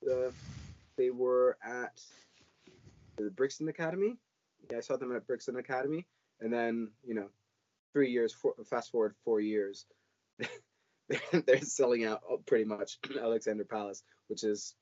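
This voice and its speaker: A man's voice: medium pitch, warm tone, dry recording. A man co-hosting a podcast in casual chat, rambling with many fillers and restarts. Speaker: podcast co-host. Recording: dull lo-fi audio.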